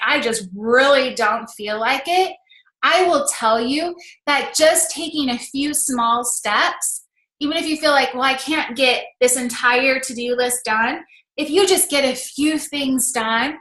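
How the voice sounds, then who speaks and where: A woman's voice: sits high, sharp tone, roomy sound, poor audio. A woman in her thirties giving a chatty, encouraging motivational talk to camera as a coach. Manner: chatty and encouraging, laughs often.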